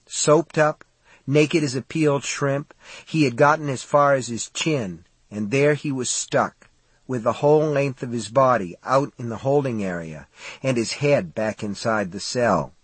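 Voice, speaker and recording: Male audiobook narrator, husky, dry close recording, steady measured read. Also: medium pitch, dry recording. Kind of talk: scripted narration.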